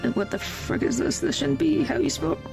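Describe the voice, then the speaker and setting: A woman's voice: high-pitched, expressive, moderate pace, creaky. A woman streamer chatting casually and giggling while reading through a game. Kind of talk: casual gameplay commentary. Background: game music.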